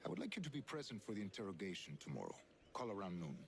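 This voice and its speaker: An actor voicing a stern colonial official who speaks in a formal, measured, commanding way in a game cutscene. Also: male voice, fairly low pitch, very animated, gravelly, a little hiss or hum.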